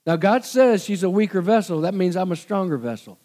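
A middle-aged man preaching a conversational sermon, animated and given to laughter, acting out quoted voices. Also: high voice, brisk. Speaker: pastor.

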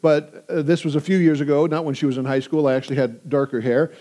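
A man's voice: fairly high pitch, fairly even intonation, fast talker, mellow. A man in his sixties preaching a sermon, telling stories energetically and engaging his audience. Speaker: pastor.

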